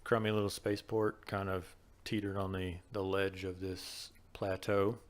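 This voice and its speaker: Quiet flat-voiced man as game master. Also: moderate pace, slight background noise. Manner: low-key, quiet. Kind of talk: quiet tabletop narration. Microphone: online voice call.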